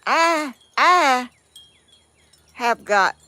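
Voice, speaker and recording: Folksy older Southern grandma, slow and lively. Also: female voice, high voice, no echo. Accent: Southern American, Georgia. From southern United States. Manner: rambling, folksy, self-deprecating. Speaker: vlogger. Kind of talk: casual chat reading viewer comments.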